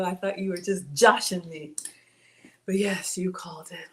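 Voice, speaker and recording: A woman's voice: fairly low pitch, fairly even intonation, normal speed, slight background noise. A woman hosting a home cooking livestream from her kitchen, chatting casually, reading out viewer comments and thanking people by name, often saying y'all. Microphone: camera.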